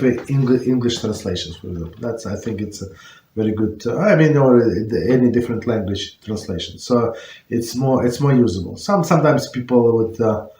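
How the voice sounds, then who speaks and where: Male rabbi, mid-pitched voice, explanatory tone, roomy echo. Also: darkish tone, slight background noise. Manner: explanatory, searching for words. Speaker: rabbi teaching an online class. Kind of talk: answering questions on religious law.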